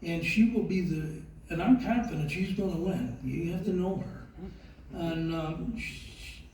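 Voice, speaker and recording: An older man, speaking slowly and haltingly with many fillers as he tells a heartfelt personal story in an award speech. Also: sits high, darkish tone, slight background noise. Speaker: award recipient giving a speech. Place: large event hall. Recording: very echoey hall, voice from far off.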